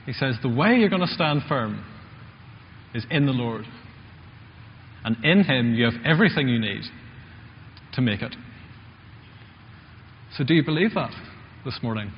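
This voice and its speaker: A man's voice: medium pitch, animated, a little slow, pauses often, slight background noise. A man preaching a sermon in a church, talking in a conversational way and asking the congregation questions. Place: church hall. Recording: muffled church recording with long reverb.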